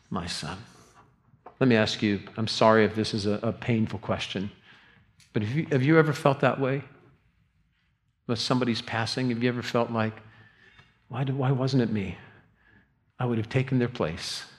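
An older man preaching a sermon, earnest and often repeating himself, dropping to a soft voice in tender passages. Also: on the low side. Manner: earnest, repeats words, drops to soft tones for grief. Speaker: pastor.

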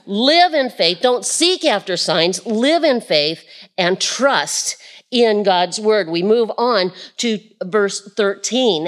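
A woman preaching a Pentecostal sermon, expressive, swinging from shouts to quiet asides. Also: mid-range voice, slow pace.

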